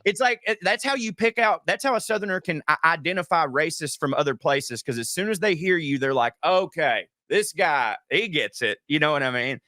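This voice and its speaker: A man's voice: on the high side, fairly quick, few pauses, no room sound, studio quality. A man with a Southern US accent, a comedian guest chatting casually and joking as he rambles through stories. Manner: joking, rambling, animated storyteller. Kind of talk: casual talk-show chat.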